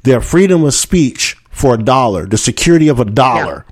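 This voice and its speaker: A man's voice: mid-range voice, animated, normal speed. A middle-aged man co-hosting a casual talk show, rambling with many restarts and mock voices. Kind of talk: casual chat.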